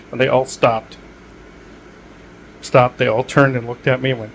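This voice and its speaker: A man's voice: medium pitch, fairly even intonation, moderate pace, slight background noise, low-quality recording. A man hosting a podcast, talking in a rambling, digressive way with many fillers. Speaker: podcast host. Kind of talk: rambling casual monologue.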